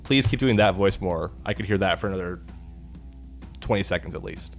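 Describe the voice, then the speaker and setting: A man's voice: sits low, a little fast, vocal fry, soft background music. An American man hosting a podcast, chatting casually, joking and stumbling over his words. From United States. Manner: stammering, joking, animated. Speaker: podcast host.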